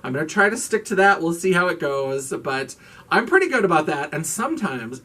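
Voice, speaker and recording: A man's voice: on the high side, very animated, a little fast, bright, forceful tone, distant mic, slight background noise. A man hosting his own vlog in casual chat, gushing and campy, swearing freely as he raves. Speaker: vlogger host.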